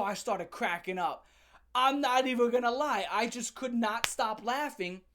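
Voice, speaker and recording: A woman with a fairly high voice rants through a comic story, sarcastic and full of swearing. She tells it in an animated, mocking way, like a host talking straight to her viewers. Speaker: channel host. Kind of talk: comedic storytelling rant.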